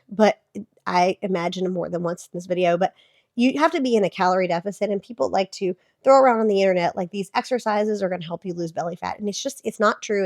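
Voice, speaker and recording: A woman's voice: lowish voice, a little mellow, no echo, clean studio sound. A woman in her thirties, talking with a sick voice, gives chatty reaction commentary on fitness advice as a vlogger. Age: 30s. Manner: chatty, explanatory, filler-heavy.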